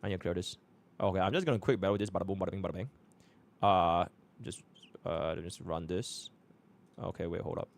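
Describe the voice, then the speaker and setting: Low-pitched with vocal fry, a young man from Singapore talks fairly quickly but leaves long pauses. He's live-streaming and navigating menus, chatting loosely, muttering to himself and repeating filler phrases.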